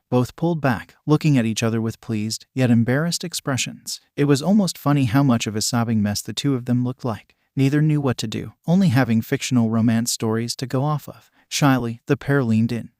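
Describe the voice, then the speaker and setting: A man narrating a fan fiction story in an even, steady reading. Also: medium pitch, normal speed, hardly any pauses, dry recording, studio quality.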